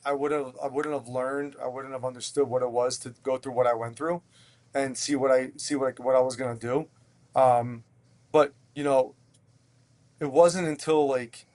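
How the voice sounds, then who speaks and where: A man from Pennsylvania, a restaurant owner and podcast guest, telling his story in a candid, animated way, swearing freely and often stumbling over and repeating words. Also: mid-range voice.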